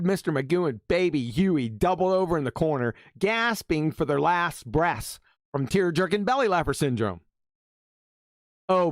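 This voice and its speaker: A man hosting a talk stream delivers a mocking, insulting rant. His pitch swings widely up and down. The sound is dry and close. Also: no room sound. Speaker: host. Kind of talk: ranting monologue.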